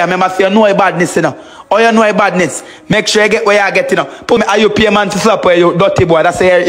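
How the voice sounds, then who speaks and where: Fast-talking, high-voiced Jamaican man ranting. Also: fairly bright tone. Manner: angry, insulting, repetitive. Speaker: livestreamer. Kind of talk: livestream rant.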